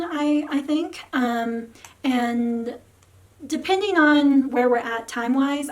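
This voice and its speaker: A young woman with a sore, tired throat, chatting in a rambling way about her collection, with lots of fillers and soft trailing words. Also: high voice. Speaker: photocard collecting vlogger. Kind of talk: casual rambling vlog talk.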